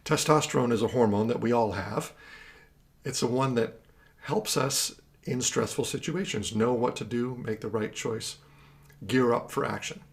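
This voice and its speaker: A man leading listeners through a guided exercise. He counts along in rhythm with lively energy and keeps his pitch in a middle range. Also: moderate pace, creaky. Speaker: instructor.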